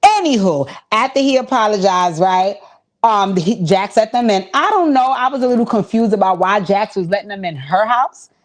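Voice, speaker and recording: A woman breaks down a TV episode in a loose, profane, animated style, hopping from plot point to plot point. She talks straight to her viewers, asking them to weigh in, and throws in her own blunt opinions as she goes. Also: medium pitch, moderate pace. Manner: profane, animated storytelling, acts out quotes; talks to the chat directly. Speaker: host. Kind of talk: casual TV episode recap.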